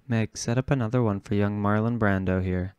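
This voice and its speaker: Older butch buddy, man reading it, low voice, kinda flat. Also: fairly quick, clear, resonant tone, no room sound, natural voice. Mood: fond. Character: older butch friend, protective and warm.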